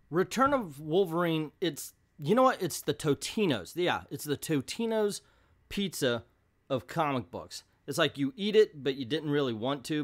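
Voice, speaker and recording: Middle-aged male reviewer, mid-range voice, casual rambling monologue, hesitant and exasperated. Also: medium pitch. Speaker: comic book reviewer, channel host.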